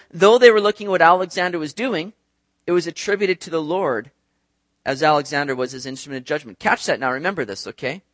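A man's voice: high voice, a bit bright, dry recording. A middle-aged man preaching a sermon, chatty and teasing, with joking asides to his listeners. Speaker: pastor.

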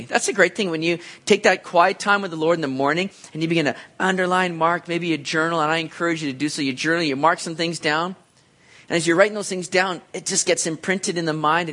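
Animated man preaching, higher voice. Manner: animated, jumps into high voices to act out reactions; conversational preaching with frequent asides. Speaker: pastor. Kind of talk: sermon.

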